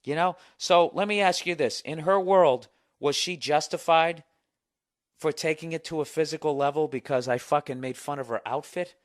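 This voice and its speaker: A middle-aged man hosting a solo podcast, telling a story in a profane, sarcastic, animated rant. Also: a little high, normal speed. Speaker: podcast host.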